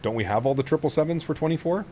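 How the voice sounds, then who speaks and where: A man's voice: a little high, rapid-fire, dark tone, a little hiss or hum. A man streaming a flight simulator, chatting casually with his viewers and cooing at his dog. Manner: chatty, reads chat aloud, coos at his dog. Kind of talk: casual live-stream chat.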